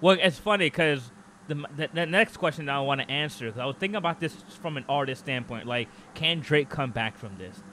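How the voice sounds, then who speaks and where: Bright-voiced man arguing on a podcast. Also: a little high, a little fast, slight background noise. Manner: animated, opinionated, mimics other people mid-sentence. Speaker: podcast co-host. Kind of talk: casual podcast chat.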